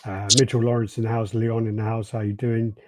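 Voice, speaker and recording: A man's voice: fairly low pitch, little pitch movement, fairly quick, dry recording. A man co-hosting a podcast, laid-back and jokey, greeting live chat and chatting casually. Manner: laid-back, jokey, does silly impressions. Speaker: podcast co-host.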